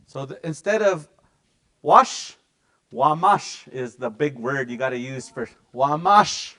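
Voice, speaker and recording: A middle-aged man leads a casual language lesson. He keeps his pitch at an ordinary middle height and drills each word slowly, over and over. Between the drills he chats loosely with the class. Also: expressive, fairly bright tone. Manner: repeats words slowly for practice, chatty asides. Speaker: language teacher.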